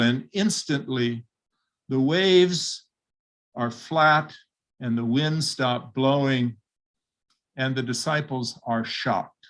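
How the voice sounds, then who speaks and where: A man's voice: mid-range voice, fairly bright tone. An older man preaching a sermon, retelling a Bible story vividly and voicing its people. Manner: vivid retelling with acted quotes.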